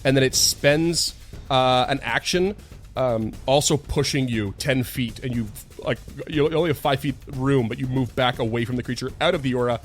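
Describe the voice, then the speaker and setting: A man's voice: medium pitch, normal speed, faint music behind. A man running a tabletop game as game master, narrating loosely with many fillers. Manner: loose, filler-heavy narration with frequent laughs.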